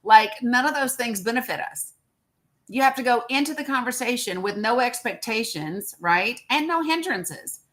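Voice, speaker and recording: At a normal speed and with an animated, fairly bright, high-leaning voice, a livestream host chats with her listeners on a social audio stream. She greets them by name and her talk is loaded with fillers.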